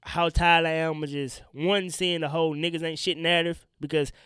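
A man's voice: fairly high pitch, flat delivery, moderate pace, fairly bright tone, clean tone, no room sound, studio quality. A young man hosting his own podcast, ranting bluntly and profanely in a rambling way, a little congested from allergies. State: sick, congested from pollen. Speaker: podcast host and stand-up comedian. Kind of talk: solo podcast rant.

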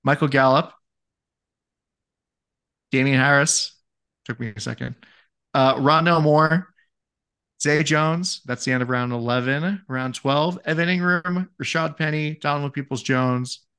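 A man's voice: medium pitch, fairly even intonation, a little slow, long pauses, sharp tone, clear, resonant tone. A man co-hosting a casual fantasy football podcast, easygoing and self-deprecating as he reads through draft picks. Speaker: podcast co-host.

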